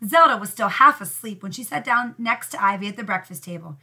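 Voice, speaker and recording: A woman teacher reading a storybook aloud to young pupils with expressive storytelling. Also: medium pitch, fairly quick.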